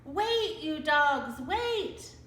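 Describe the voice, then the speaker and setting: A woman's voice: sits high, big pitch swings, very slow, a bit bright, reverberant, slight background noise, pitched above the performer's own voice, exaggerated voice. A woman voicing a cruel adult male pirate captain who growls and bellows orders in a storybook reading. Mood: desperate shouting.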